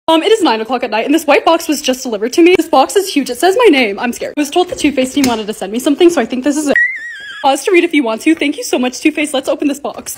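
A young woman, a social media creator, chatting excitedly to her followers in a casual vlog. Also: high voice, fast, background noise. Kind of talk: casual vlog talk to camera.

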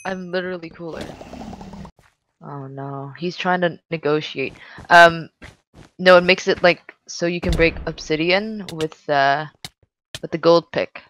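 Giggly young woman gaming, lowish voice. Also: unhurried, rough recording. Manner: giggly, teasing, excitable exclamations. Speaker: gamer. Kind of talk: casual gaming chat.

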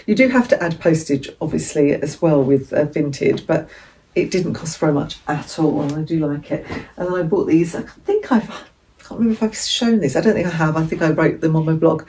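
A woman from England with a fairly low voice chats through a haul video. She rambles and often corrects herself mid-sentence. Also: brisk, warm tone. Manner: chatty, rambling, self-correcting. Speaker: vlogger. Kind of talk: casual haul vlog.

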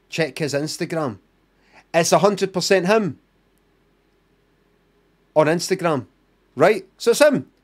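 A man with a Scottish accent chatting, muttering and swearing through his live-stream commentary. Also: on the high side.

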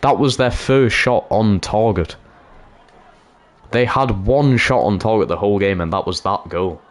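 Brief: deep-voiced man, excitable gameplay commentary. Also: a little slow. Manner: excitable, swings from cheering to groaning. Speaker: gaming YouTuber.

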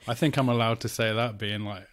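A man chatting casually as a podcast guest in a flat, joking around and trying out regional accents. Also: mid-range voice, a little fast. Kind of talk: casual chat. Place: living room of a flat, indoors.

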